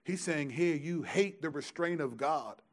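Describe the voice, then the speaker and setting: A man preaching a sermon as pastor, emphatic, shifting from hushed lines to loud ones, with casual conversational asides. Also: on the high side, unhurried. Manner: emphatic, swings between quiet and loud.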